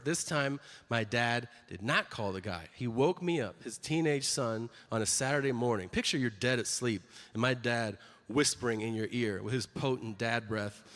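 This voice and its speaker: Crude deadpan stand-up comedian, man. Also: medium pitch, in a large hall. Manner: crude, deadpan storytelling with sudden loud outbursts. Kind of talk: stand-up routine. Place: comedy stage.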